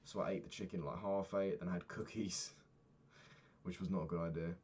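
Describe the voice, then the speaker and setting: Deep-voiced man, casual swearing. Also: fairly quick, a little hiss or hum. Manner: candid, swears often, animated when retelling annoyances. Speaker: personal trainer. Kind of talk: casual vlog recap.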